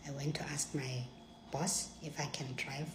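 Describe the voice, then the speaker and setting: Lively low-voiced South African woman. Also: normal speed, noisy background. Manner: lively and dramatic, acting out dialogue, dropping into hushed asides. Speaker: storyteller. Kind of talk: personal story time. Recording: echoey room.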